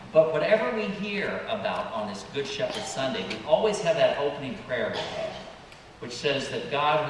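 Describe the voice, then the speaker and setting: A man who is a priest giving a children's sermon, asking the children gentle questions and waiting for their answers. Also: mid-range voice. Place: church sanctuary. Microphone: distant room mic. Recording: echoey church hall, distant mic, background noise.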